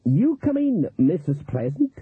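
A knowing old voodoo woman, played by a man, drawls her words slowly in a rolling growl. Her voice sits high yet husky. The sound is tinny and dry, like a phone line. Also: sing-song, no echo, full character voice. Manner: slow drawling speech with folksy grammar. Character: older female voodoo cook, slow and knowing.

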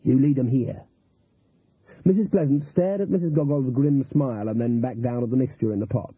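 Man, audiobook narrator, husky voice, lively and animated delivery, tinny phone-like audio. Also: medium pitch, fast talker, dry recording. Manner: expressive, lively storytelling.

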